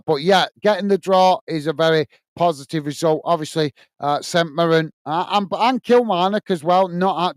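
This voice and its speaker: A man's voice: a little high, clean tone, no echo. A British man hosting a casual live stream, reading out viewer comments and thanking them with lots of "uh" fillers and friendly sign-offs. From United Kingdom.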